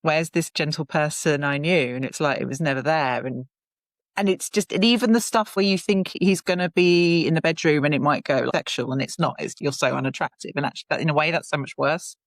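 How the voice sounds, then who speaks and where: A woman's voice: deep voice, fairly quick, no echo. A woman hosting a casual interview, chatty and enthusiastic, with plenty of fillers. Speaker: interviewer host.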